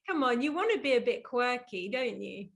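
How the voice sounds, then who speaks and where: A woman in her thirties with an English accent, hosting a casual video-call interview in a bubbly, quick-to-laugh way. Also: on the high side, lively intonation, gravelly. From England. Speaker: interview host.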